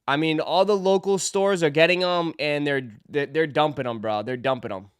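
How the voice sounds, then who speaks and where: A man's voice: fairly high pitch, moderate pace, smooth, dry recording, studio quality. A man hosting a sneaker live stream, chatting casually with viewers in a laid-back, teasing, slangy way.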